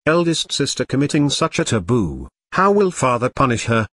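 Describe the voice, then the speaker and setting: A man voicing a sharp-witted young noblewoman, reading her lines in a level, composed way for an audio novel. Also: medium pitch, sing-song, normal speed, dry recording. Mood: calm, pointed.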